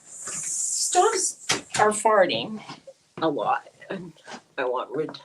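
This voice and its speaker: A middle-aged woman hosting a casual live-stream chat with a friend, talking in a chatty, animated way. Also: deep voice, drawn-out words, a little hiss or hum, poor audio. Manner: chatty and animated, swears and laughs easily. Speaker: channel host.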